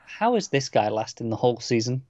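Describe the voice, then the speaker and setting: A man co-hosting a podcast about TV, mostly giving short agreeing replies in a low-key casual manner. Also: very animated, brisk, mellow, dry recording, dull audio. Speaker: podcast co-host. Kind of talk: casual chat reviewing TV episodes.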